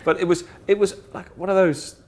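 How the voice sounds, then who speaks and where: A man being interviewed as a guest comedian, telling anecdotes in a lively way and mimicking other people's voices. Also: sits high, brisk. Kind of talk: casual interview chat.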